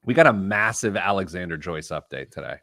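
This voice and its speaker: A man's voice: sits low, brisk, dry recording. A man hosting a casual radio show, telling jokey stories on a studio mic. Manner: animated storyteller, jokey. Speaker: host.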